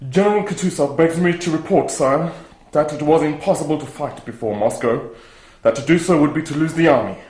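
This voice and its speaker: An actor playing a grave, loyal army colonel delivering formal reports in a radio drama. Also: male voice, on the high side, a little fast, hardly any pauses, darkish tone, reverberant, close to an everyday voice. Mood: solemn.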